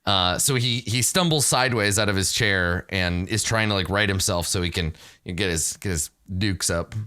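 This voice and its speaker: A man's voice: low-pitched, moderate pace, pushed and bright, clear, resonant tone. A man running a tabletop game as game master, narrating casually and laughing often.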